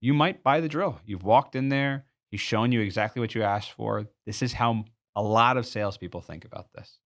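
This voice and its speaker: A man's voice: medium pitch, moderate pace, a bit bright. A man giving a sales training talk, earnest and explanatory, walking the listener through an everyday store example. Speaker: sales coach.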